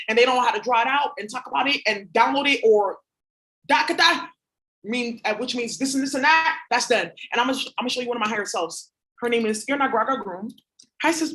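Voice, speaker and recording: A woman's voice: a little high, pushed and bright, poor audio. Profane, rambling woman ranting to camera. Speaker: spiritual reader and channel host. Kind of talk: casual rant to camera.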